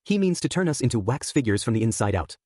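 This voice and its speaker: A man's voice: medium pitch, very animated, fast talker, a little mellow, no echo, studio quality. A man voicing a fearful young princess in an urgent, worried delivery.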